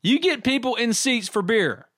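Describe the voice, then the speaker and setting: A man's voice: very high voice, normal speed, dry recording, studio quality. A middle-aged man, co-hosting a casual sports talk show and telling stories with lots of laughter. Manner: animated storyteller, laughs often. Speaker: podcast co-host.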